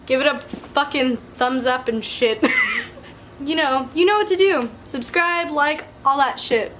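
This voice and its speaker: A woman's voice: sits high, unhurried, fairly bright tone, slight background noise. A young woman vlogger telling a story in casual chat, talking freely with lots of "like" and swearing, and often laughing as she talks. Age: young adult. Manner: chatty and profane, full of "like" and "you know".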